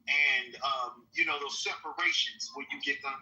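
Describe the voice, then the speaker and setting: Guy rambling thru a story, super bright voice, kinda far from a dull mic. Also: medium pitch, steady tone, fairly quick, slight background noise. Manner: loose, rambling, slangy storytelling. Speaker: podcast host. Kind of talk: casual candid chat.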